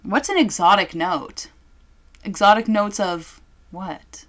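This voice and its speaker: A woman's voice: mid-range voice, lively intonation, slow pace, fairly bright tone. A young woman co-hosting a podcast, chatting casually in a brash, joking, profane way. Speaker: podcast co-host. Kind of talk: casual chat.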